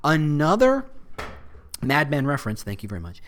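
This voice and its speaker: A man's voice: fairly high pitch, moderate pace, slight background noise. A man hosting a podcast, explaining ideas in casual, conversational talk with lots of asides. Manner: animated, conversational marketing explainer. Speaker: podcast host.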